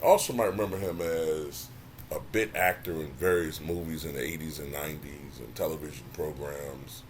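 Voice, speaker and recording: A man hosting his own channel, giving casual commentary that runs from flat and low-key to animated and exasperated. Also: normal speed, a little hiss or hum. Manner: animated, rising to exasperated near-shouting; says he can sound monotone at times. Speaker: channel host.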